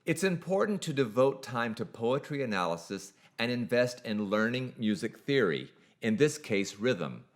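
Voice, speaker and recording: Male voice teacher reading a prepared lesson, careful and exact, with a lively pitch contour. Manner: measured, precise, explanatory. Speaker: singing teacher. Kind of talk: scripted instructional narration.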